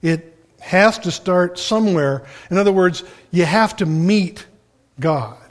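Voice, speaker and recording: An older man delivers a sermon in a relaxed, folksy way, weaving family stories into his message. His voice sits a little high for a man. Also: slow. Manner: folksy, conversational storytelling. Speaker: preacher.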